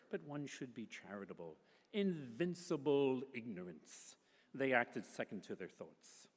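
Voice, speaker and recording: A man reading a novel aloud at a public literary festival, expressive and characterful, shifting his voice between narration and the people in the story. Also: mid-range voice, big-room sound.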